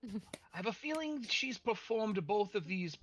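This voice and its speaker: Lively showy woman playing a tabletop game. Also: mid-range voice, a little slow, dry recording. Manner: showy, playful emcee delivery. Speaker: player. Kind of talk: in-character tabletop role-play.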